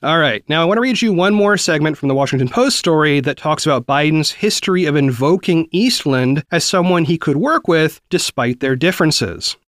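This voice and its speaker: A man's voice: fairly high pitch, expressive, a little fast, few pauses, a bit bright, no room sound, studio quality. A man in his forties from the American South, hosting a news podcast where he reads quotes aloud and then explains them in a conversational way. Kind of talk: reading and commenting on news.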